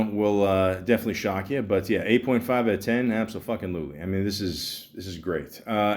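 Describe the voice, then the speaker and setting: A man hosting a podcast, reviewing movies in a rambling, excitable monologue, swearing freely and restarting his sentences often. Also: on the low side. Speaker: podcast host.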